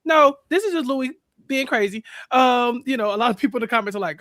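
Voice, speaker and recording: High-voiced upbeat male podcast host. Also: quick pace, sharp tone, no room sound, studio quality. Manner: upbeat, chatty, laughs often. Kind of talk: casual podcast recap chat.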